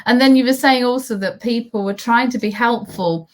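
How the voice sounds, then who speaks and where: A woman hosting a relaxed conversation. She reads out viewers' comments and laughs often. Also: fairly high pitch, moderate pace. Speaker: host. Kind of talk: casual interview chat.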